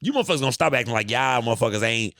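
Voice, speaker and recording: A man in his thirties hosting a podcast, telling stories in an animated, profane, bantering way. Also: mid-range voice, very fast, vocal fry, no room sound, studio quality. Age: 30s. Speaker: podcast host. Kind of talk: casual podcast chat.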